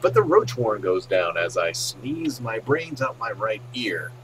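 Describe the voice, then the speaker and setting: Lively, goofy man casting a game replay. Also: fairly low pitch, unhurried, slight background noise, poor audio. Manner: goofy, rambling, self-mocking. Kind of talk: casual game commentary.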